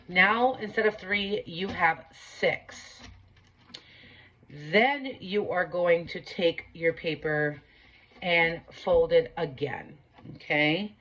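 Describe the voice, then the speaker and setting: A woman's voice: fairly low pitch, slow pace, fairly bright tone, lo-fi sound. Chatty woman giving a craft tutorial. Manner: chatty, many ums and likes, step-by-step instructions.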